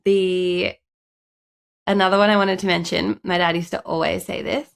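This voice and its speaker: Gravelly-voiced woman with a stuffy nose. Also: fairly low pitch, level tone, moderate pace. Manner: chatty, frequent "like" fillers. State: stuffy, congested from a cold. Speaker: podcast co-host. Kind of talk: casual podcast chat.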